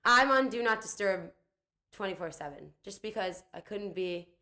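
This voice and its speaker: A young woman talks in quick, rambling stories and fills them with "like" and acted-out quotes. Her voice sits in the middle of the range and sounds everyday. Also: medium pitch, expressive, pushed and bright. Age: young adult. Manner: chatty, rambling anecdotes full of "like" and quoted dialogue. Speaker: podcast co-host, daughter. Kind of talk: casual chat and storytelling.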